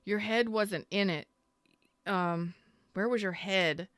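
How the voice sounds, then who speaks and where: A woman's voice: medium pitch, slow pace, a bit bright, dry recording, clean studio sound. A woman doing a casual tarot reading to camera, blunt and sassy, acting out what the listener might be thinking. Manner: blunt, sassy, emphatic, acts out the listener's inner voice. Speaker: tarot reader.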